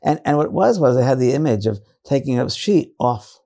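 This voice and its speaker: A man speaking as a guest in a casual interview, his dark voice gravelly and husky. He tells earnest stories at mid pitch, often restarting his sentences as he goes. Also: animated, fairly quick. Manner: earnest storytelling with frequent restarts. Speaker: psychic medium guest.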